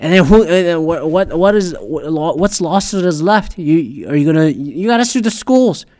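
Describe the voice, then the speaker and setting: A middle-aged man rants alone on his podcast, swearing constantly and stumbling over restarts as he gets worked up. His voice sits a little higher than most men's. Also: moderate pace. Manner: profane, ranting, animated, with frequent restarts. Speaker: podcast host. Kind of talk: solo rant podcast.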